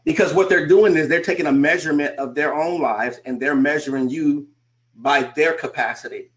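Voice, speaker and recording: A man, a coach, giving a motivational talk to a remote audience. He repeats his points and asks the listener rhetorical questions, slowing down to stress key phrases. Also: fairly high pitch, a bit bright. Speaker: coach and conference speaker. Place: speaking remotely to a virtual audience.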